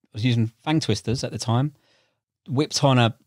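Animated angler telling stories. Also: male voice, medium pitch, normal speed, dry recording, studio quality. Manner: animated, acts out quotes, frequent fillers and slang. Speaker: podcast guest, carp angler and tackle shop owner. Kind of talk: casual storytelling chat.

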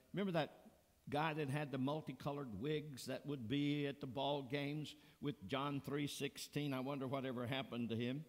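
Guy preaching a sermon, high voice, slow and earnest, long echo like a big church. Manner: earnest preaching, slow deliberate emphasis on key words. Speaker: pastor. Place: church sanctuary.

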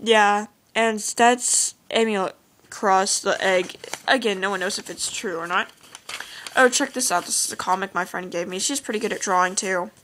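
Showing her drawings in a casual chat, the teenage girl rambles and gushes, filling her talk with "like" and "oh my gosh." She speaks at normal speed in a mid-range, slightly bright voice, with a little hiss or hum and poor audio.

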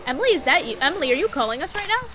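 A woman's voice: sits high, sing-song, very fast, sharp tone, slight background noise. A woman streamer chatting playfully while playing a ghost-hunting game, teasing and giggling. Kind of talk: casual gaming chat.

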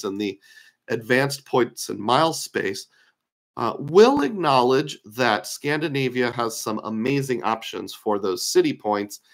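Using fillers as he thinks aloud, a man shares opinionated, conversational takes on credit card points in a casual screen-share lecture. His mid-range voice has a fairly bright tone and sounds a little worn.

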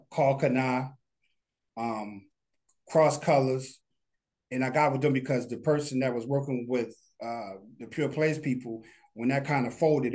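Middle-aged man, guest on an interview show, easygoing and rambling, mid-pitched voice. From New Jersey. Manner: relaxed, rambling, many fillers. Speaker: guest, animation studio founder. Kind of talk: casual interview talk.

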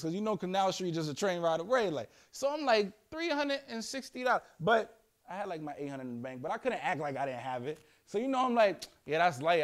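A young man with a New York accent talks to a room of students in animated, slangy storytelling. His voice sits fairly high for a man. He keeps the tone playful and conversational. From Yonkers, New York. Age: young adult. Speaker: guest speaker. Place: school classroom.

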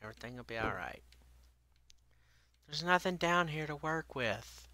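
A man giving frustrated gameplay commentary, muttering to himself and swearing constantly, with bursts of angry yelling. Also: a little high, expressive, moderate pace, pauses often. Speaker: gaming video creator.

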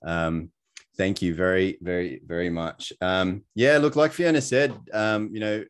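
A man's voice: low-pitched, a little slow, clear, resonant tone. A man with an Australian accent giving a casual, chatty presentation over a video call, with many fillers and little self-deprecating laughs. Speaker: presenter sharing his story.

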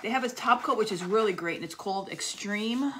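A woman's voice: medium pitch, a little fast, slight background noise. A woman hosting a live crafting demonstration, chatting casually with viewers while she works. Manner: chatty, friendly, talks while working. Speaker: craft channel host.

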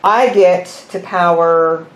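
A man hosting a board game session, explaining the rules and counting pieces out loud as he plays. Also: high-pitched, steady tone, slow pace. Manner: thinks aloud, counting pieces and muttering rules. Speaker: host. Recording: roomy room with faint noise.

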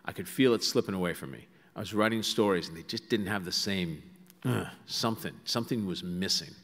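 A man's voice: deep voice, fairly quick, a bit bright. A middle-aged man with a Boston accent, telling wry stories with asides to an auditorium audience. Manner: wry anecdotal storytelling with asides. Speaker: author speaking to an audience. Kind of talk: storytelling talk. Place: large auditorium. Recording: long hall reverb.

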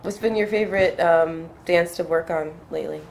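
A woman's voice: lowish voice, moderate pace, creaky, darkish tone, slight background noise. A woman hosting a podcast in casual interview chat, laughing often and chiming in with encouraging remarks. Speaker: podcast host.

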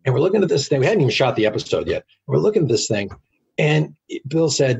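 A middle-aged man, guest on an interview show, telling anecdotes in a casual, animated way. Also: mid-range voice, a little fast, vocal fry, husky, dull audio. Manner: animated anecdotes with acted quotes.

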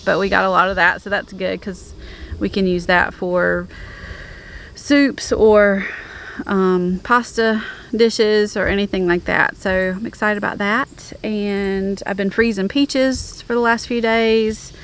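Gravelly-voiced woman in casual chat. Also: medium pitch, slow pace, a little hiss or hum. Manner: relaxed, hesitant, many ums and restarts. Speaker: homestead vlogger, co-host. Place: outdoors at a garden.

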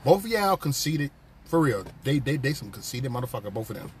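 A man's voice: medium pitch, sing-song, brisk, husky. A man hosting a casual live stream from his phone, talking loosely in profane, rambling banter with viewers. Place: on a work break, vehicle sounds nearby.

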